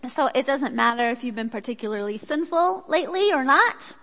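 A woman giving a sermon with a personal story, in a chatty, animated way that acts out quotes. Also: high-pitched, fairly quick. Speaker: speaker at a church gathering. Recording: echoey hall.

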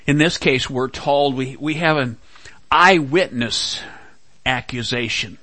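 Slow, bright-voiced male preacher. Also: mid-range voice, no room sound. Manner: slow, dramatic delivery with quoted dialogue. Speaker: pastor. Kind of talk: sermon.

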